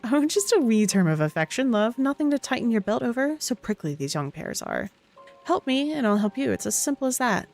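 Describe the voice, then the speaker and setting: A woman's voice: fairly high pitch, sing-song, a little fast, vocal fry, a little mellow, faint music behind, voice pushed up. A woman voicing a scraggly old woman who coaxes and wheedles with folksy endearments in a game. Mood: sly coaxing. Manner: sly, coaxing, folksy endearments.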